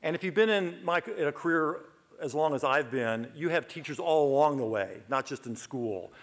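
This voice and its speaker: A middle-aged man from Georgia, giving a humorous acceptance speech full of lively asides. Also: fairly high pitch, moderate pace. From Athens, Georgia, US. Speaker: award honoree giving a speech.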